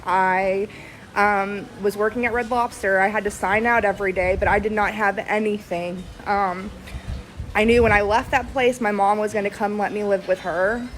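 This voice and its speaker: A woman in her thirties, talking earnestly and haltingly with many pauses and fillers, close to tears. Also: mid-range voice, steady tone, a little hiss or hum, rough recording. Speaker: vlogger. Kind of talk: casual reflective video to friends.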